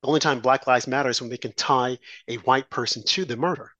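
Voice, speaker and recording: A man's voice: mid-range voice, steady tone, fast, pushed and bright, no room sound, lo-fi sound. A man hosting a political talk show, delivering an impassioned commentary monologue full of rhetorical questions and mocking asides.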